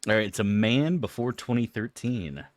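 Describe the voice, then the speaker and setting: In a lowish voice with lively intonation, a man chats with his viewers at a moderate pace during a live game stream. He curses freely and grumbles in a playful, exaggerated, buddy-like manner.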